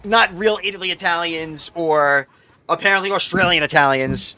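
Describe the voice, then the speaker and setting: A young game streamer rambles through casual chat with his viewers, swearing freely as he goes. His voice sits a little high and comes across bright and forceful. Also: moderate pace, soft background music. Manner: rambling, profane, talks back to chat.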